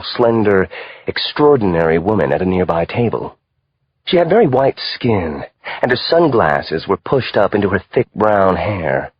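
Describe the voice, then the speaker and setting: A male audiobook narrator voicing a cold, calculating contract killer who speaks in a calm, hard way. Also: low voice, breathy edge, no room sound, dull audio, exaggerated voice. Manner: calm, hard, matter-of-fact.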